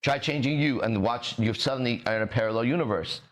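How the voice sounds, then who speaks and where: A man's voice: medium pitch, fairly quick. A man hosting a motivational talk, emphatic and preachy, who swears and stumbles over words as he explains. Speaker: podcast host. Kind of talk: motivational conversation.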